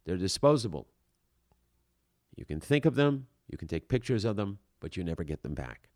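A man's voice: sits low, big pitch swings, normal speed, darkish tone, no echo, studio quality. A man giving an earnest motivational talk, circling back on his points and saying "you know" often. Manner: earnest, repeats himself, frequent "you know".

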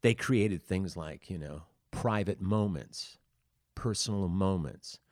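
A man's voice: deep voice, slow, a little mellow, no echo, clean studio sound. A man, an acting teacher, giving a conversational lecture on the history of acting and often saying "you see". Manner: acts out short quoted lines.

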